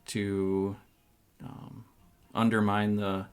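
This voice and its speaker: A man's voice: lowish voice, flat delivery, very slow, clear, resonant tone. A man playing a tabletop game, speaking hesitantly and full of ums as his character. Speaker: player.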